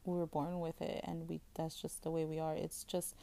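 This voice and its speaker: A woman in her thirties talks casually on her podcast, her voice low-set and gravelly with plenty of vocal fry. She rambles in a fairly flat tone, circling back with fillers and restarts, and lets her emotions show. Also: moderate pace. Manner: openly emotional. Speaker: podcast host. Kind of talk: casual chat.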